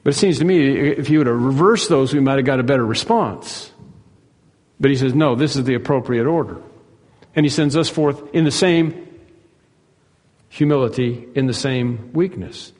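A man preaching a sermon, emphatic, rising to loud peaks and dropping to hushed asides. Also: medium pitch, moderate pace, long reverb tail. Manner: emphatic, swings between soaring and hushed. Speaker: pastor.

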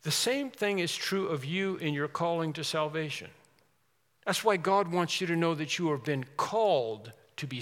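A man preaching a sermon, earnest and emphatic, circling back to repeat his key phrases. His voice sits high and sounds bright and forward. It rings out with a long reverb, as in a large hall.

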